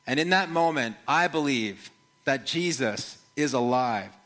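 A man preaching a first-person dramatic sermon, measured and earnest, with rhetorical questions to the listeners. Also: medium pitch, animated, a bit bright. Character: Mary Magdalene retelling the resurrection, played by a man.

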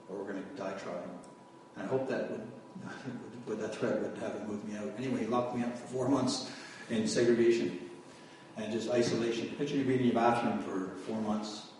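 A man's voice: on the low side, steady tone, a little fast, a little mellow, slight background noise. A man giving his testimony as a sermon, telling his story and raising his voice at its peaks. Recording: echoey hall from far off.

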